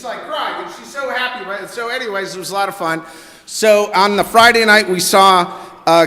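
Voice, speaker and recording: Man, middle-aged, high voice, personal story, animated, acts out quotes, long church reverb. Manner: animated, quotes people in their own voices. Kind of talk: personal story told to a congregation. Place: church sanctuary.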